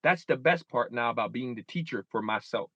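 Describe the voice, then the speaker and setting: A guest in a candid interview, this man in his thirties speaks a little fast and animatedly, playing out his inner dialogue through shifts in pitch. The recording has no echo.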